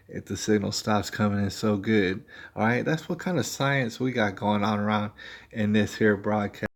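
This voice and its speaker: Male livestream host, lowish voice, rambling casual commentary, speaks to his audience directly, recorded at home. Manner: rambling, conversational, addresses viewers as y'all.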